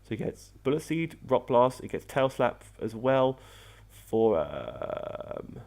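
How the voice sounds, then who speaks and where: A man's voice: medium pitch, sing-song, slow, gravelly, darkish tone. A young man, casually commentating on his game team, chatty with frequent self-corrections. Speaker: competitive Pokémon player and video host.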